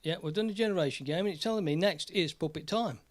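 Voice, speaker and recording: A British man hosting a casual live stream, chatty and jokey, slightly hoarse from a cold. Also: fairly high pitch, fast.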